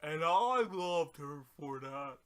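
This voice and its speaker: A man putting on a slow, dim-witted alien guardian with a folksy drawl, on a game stream. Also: a little high, lively intonation, fairly bright tone, smooth. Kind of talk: comedic parody voice on a game stream.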